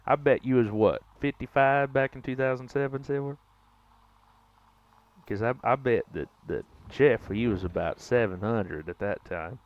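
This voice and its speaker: A man's voice: medium pitch, moderate pace. A man, casually joking and teasing his chat during a live game stream. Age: 20s. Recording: dull lo-fi stream mic.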